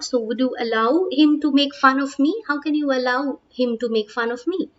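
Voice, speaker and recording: High-voiced Indian woman teaching literature. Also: moderate pace, few pauses, highs cut off. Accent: Indian English. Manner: reads lines aloud, then paraphrases in plain English with frequent "uh" and "okay". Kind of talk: line-by-line explanation of a play.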